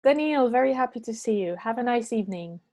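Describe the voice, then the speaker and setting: A woman's voice: a little high, expressive, fairly quick, a little mellow. Patient woman teacher on a call. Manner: patient, checks understanding with "yeah?" and "okay?". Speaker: English teacher. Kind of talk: answering chat questions after an online lesson. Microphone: online meeting microphone.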